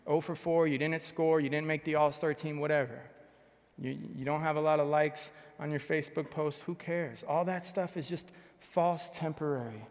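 Passionate young preacher in a reverberant hall. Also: male voice, on the high side, steady tone, normal speed. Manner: passionate, swings between loud emphatic bursts and soft hushed passages. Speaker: pastor. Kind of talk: sermon.

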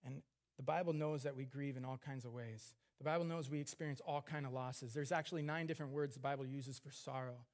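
A man preaching a sermon on scripture, earnest, dropping to hushed tender lines and rising into emphatic questions. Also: medium pitch, steady tone, a little fast.

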